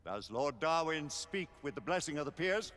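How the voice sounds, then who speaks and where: A grave, imperious Lord Chancellor in a video game cutscene, his voice rising and falling widely as he lays down the law. His measured, commanding delivery carries a long hall-like reverb. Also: on the high side, expressive, a bit bright. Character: stern aging Lord Chancellor presiding over a knightly council.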